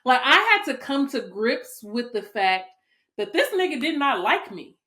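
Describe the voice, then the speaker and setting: A woman's voice: fairly high pitch, big pitch swings, unhurried, sharp tone. A woman hosting a podcast, talking candidly and bluntly, with frequent swearing and open emotion. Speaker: podcast host. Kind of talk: candid casual chat.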